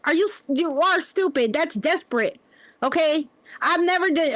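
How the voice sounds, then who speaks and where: A high-pitched woman hosts a livestream and runs through heated gossip, swearing and stressing her words as she tells the story. Her voice is close and dry, with no room sound around it. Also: normal speed, no room sound. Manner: profane, emphatic, animated storytelling. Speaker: livestream host.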